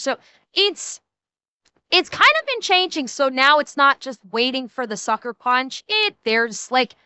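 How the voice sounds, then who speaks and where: A woman's voice: sits high, bright, forceful tone, smooth, no room sound. A woman streamer giving casual, rambling and profane commentary while reacting to a show. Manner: rambling, profane, blunt opinions.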